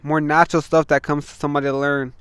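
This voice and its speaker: A man's voice: a little high, little pitch movement, a bit bright, smooth, no echo. A young man chatting casually as a guest, rambling and slangy, trailing off and restarting. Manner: rambling, slangy, fast-talking. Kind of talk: casual chat.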